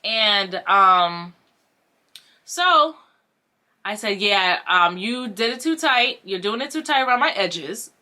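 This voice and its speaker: A young woman telling a casual storytime vlog, animated and acting out the voices of the people she quotes. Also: medium pitch, takes it slowly. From Haitian family. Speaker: vlogger.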